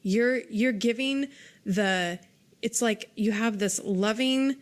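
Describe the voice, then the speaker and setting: A woman's voice: a little high, takes it slowly. A woman hosting a podcast, talking earnestly and from the heart in casual interview chat, often restarting her sentences. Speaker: podcast host.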